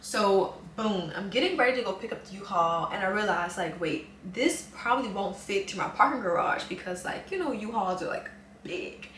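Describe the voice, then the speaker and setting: A woman's voice: medium pitch, moderate pace. A woman, telling a chatty, dramatic story as a vlogger. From New Orleans, USA. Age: 20s. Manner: animated, chatty, dramatic retelling. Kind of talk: casual storytime. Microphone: camera mic. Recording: roomy echo, voice a bit off-mic, faint hum.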